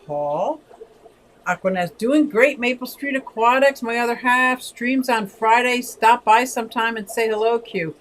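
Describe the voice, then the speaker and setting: A woman's voice: on the high side, unhurried, a little hiss or hum, rough recording. A woman over sixty from Pennsylvania, hosting a casual livestream and chatting expressively as she reads viewer comments. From Pennsylvania, USA. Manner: chatty and expressive, often sways between lively and soft. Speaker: livestream host.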